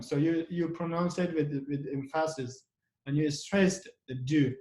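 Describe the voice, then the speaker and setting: In a room that rings with echo, an English teacher leads a grammar class in a high-side, steady, darkish voice at an unhurried pace. He poses his own questions, answers them, and stresses example sentences by repeating them.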